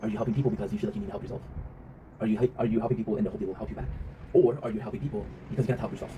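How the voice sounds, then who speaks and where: Rapid-talking man, rambling vlog monologue. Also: on the low side, fairly even intonation. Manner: rambling, reflective, swears freely, often tags "right?". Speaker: vlog host. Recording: noisy ambient background.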